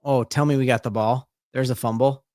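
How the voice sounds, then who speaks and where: Excitable man calling a game live. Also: mid-range voice, brisk, dry recording, clean studio sound. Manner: excitable, bursts into loud repeated exclamations; rambling, casual, full of fillers and restarts. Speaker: fan streamer doing live play-by-play. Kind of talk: live fan play-by-play commentary.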